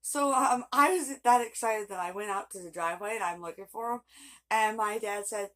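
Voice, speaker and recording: A woman's voice: mid-range voice, a little fast, fairly bright tone. A woman telling a long personal story in a casual vlog, rambling and chatty with frequent laughs. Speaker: vlogger.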